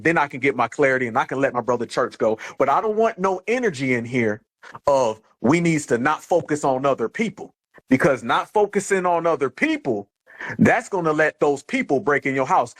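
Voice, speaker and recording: A man's voice: fairly high pitch, lively intonation, a little fast, fairly bright tone. A man hosting a live online discussion, talking in a preachy, rallying way and calling listeners family. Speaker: host of a live audio chat room.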